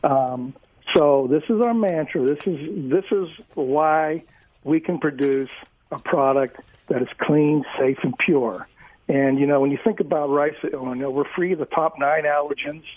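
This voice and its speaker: A man's voice: a little high, unhurried. A man in his sixties, a food company founder, talking earnestly as an interview guest with many fillers. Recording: dry tinny phone-like line.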